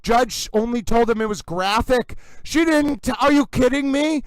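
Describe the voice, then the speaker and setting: A man hosting a live commentary stream, theatrically exasperated, swinging between yelling and low muttering. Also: normal speed, clean tone, no room sound, low-quality recording. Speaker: livestream host commenting on a trial.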